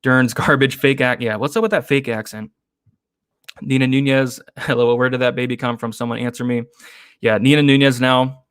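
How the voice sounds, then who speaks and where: A man hosting an MMA betting stream in a relaxed, chatty way, giving picks and answering viewer comments. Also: medium pitch, normal speed, clear, resonant tone, no room sound, clean studio sound. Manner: relaxed, chatty, with frequent fillers and laughs. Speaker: host of an MMA betting show. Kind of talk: casual live-stream chat reading viewer comments.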